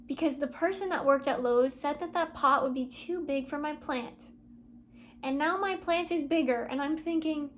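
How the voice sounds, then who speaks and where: High-voiced woman musing to camera. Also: moderate pace, a little hiss or hum. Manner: dreamy, soul-searching, swings from hushed to excited. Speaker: vlogger. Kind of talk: confessional talk to camera. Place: at home, seated.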